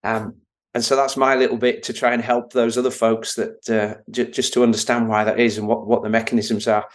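Older dude hosting a chat, stumbles and restarts a lot, average pitch. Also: male voice, little pitch movement. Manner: hesitant, halting questions with restarts. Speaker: podcast host. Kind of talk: casual interview.

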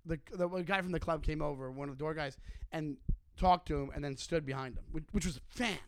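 A man's voice: fairly high pitch, a little fast, a little hiss or hum. A man co-hosting a podcast, telling a story casually and animatedly, swearing freely. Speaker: podcast co-host, comedian.

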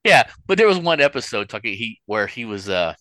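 A man's voice: mid-range voice, very animated, fairly quick, bright, forceful tone, no room sound. A middle-aged man, co-hosting a casual chat and rambling through his stories. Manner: rambling storyteller, full of restarts. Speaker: podcast co-host.

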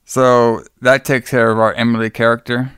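Smooth-voiced man rambling through a movie recap. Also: mid-range voice, little pitch movement, moderate pace, fairly bright tone, no room sound, clean studio sound. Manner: rambling, profane, lots of "like".

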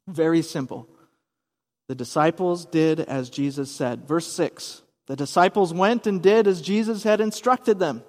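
A man's voice: high-pitched, long reverb tail. A man preaching a sermon as pastor, explaining scripture in a conversational way with casual asides.

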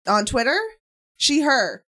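A woman's voice: on the high side, lively intonation, slow pace, pushed and bright. A woman co-hosting a podcast, chatting casually with sarcastic jokes and frequent laughter. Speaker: podcast co-host. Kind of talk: casual chat.

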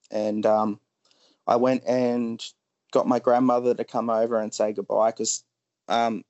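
A man's voice: medium pitch, a little mellow, no room sound. Man, emotional storyteller, hesitant delivery, dry close sound. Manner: halting, frequent ums, pauses.

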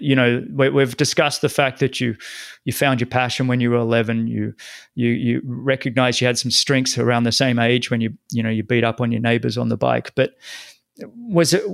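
A man's voice: mid-range voice, creaky, no room sound, clean studio sound. A middle-aged man hosting an interview podcast, talking earnestly and restarting his sentences often. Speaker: podcast host. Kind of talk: interview conversation.

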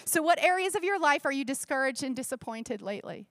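A woman's voice: sits high, expressive, fairly quick, few pauses, dry recording. A middle-aged woman pastor giving a sermon in a church, preaching in a conversational way with rhetorical questions.

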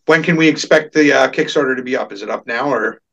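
A man hosting a casual podcast chat, laughing often and restarting his sentences in an animated way. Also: mid-range voice, fast, far from the mic, poor audio. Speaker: podcast host.

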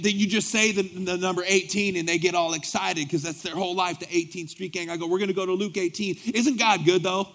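Animated high-voiced male pastor preaching. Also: fairly quick, hardly any pauses. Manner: animated storyteller acting out dialogue. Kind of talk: sermon with storytelling.

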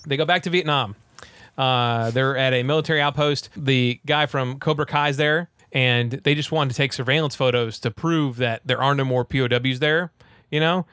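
A man casually retelling a movie plot in a rambling, animated way, full of fillers. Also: mid-range voice, normal speed, clear, resonant tone.

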